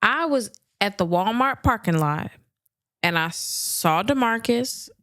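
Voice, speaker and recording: A woman's voice: mid-range voice, animated, takes it slowly, fairly bright tone, no echo. A woman suspect spinning a cover story in a casual, offhand way, as a woman puts her on. Her voice sits in the middle range and sounds close and dry.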